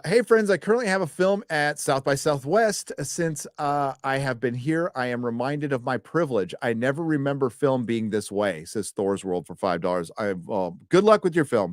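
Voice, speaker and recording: A man's voice: mid-range voice, very animated, moderate pace, no room sound. Male live-stream host, casual and profane, trips over his words; dry close recording. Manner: loose and chatty, swears freely, often stumbles over words. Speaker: host reading donations.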